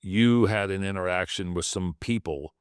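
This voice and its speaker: Guy hosting a chat show, lowish voice, long explainy answers, dry sound. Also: moderate pace, clear, resonant tone, dry recording. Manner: talks in long explanatory runs, prompts the guest. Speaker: podcast host. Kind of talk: casual interview chat.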